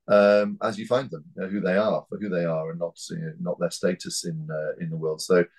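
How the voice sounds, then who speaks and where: A man in his fifties from North East England, speaking as an interview guest in a measured, hesitant way with many fillers and restarts. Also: sits low, level tone, a little mellow, rough recording. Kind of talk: reflective interview talk.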